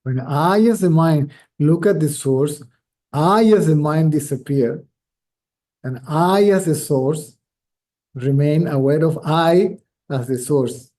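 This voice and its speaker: A middle-aged man, a native Spanish speaker, teaching in a slow, reflective way. His voice sits a little high but sounds very soft and dark, and he circles back over his own phrases as he feels for the right word. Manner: slow, measured, repeats phrases while searching for words. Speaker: spiritual teacher. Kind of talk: reflective spiritual talk.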